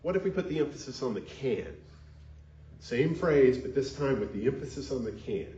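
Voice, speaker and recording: Male minister, earnest sermon delivery, mid-pitched, echoey lo-fi sanctuary sound. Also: lively intonation, normal speed, dark tone, a little hiss or hum. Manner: earnest, leads call-and-response. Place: church sanctuary. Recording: dull echoey sanctuary recording.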